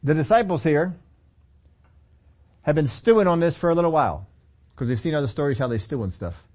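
A man's voice: on the high side, expressive, fairly quick, darkish tone. A man preaching a sermon, telling the story with humor, acting out the characters and asking the audience questions. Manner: laughs often and asks the audience questions.

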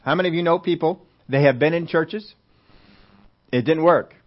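A man's voice: a little high, normal speed. A man preaching a sermon in a conversational way, often asking the congregation questions. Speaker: pastor. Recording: dull lo-fi recording.

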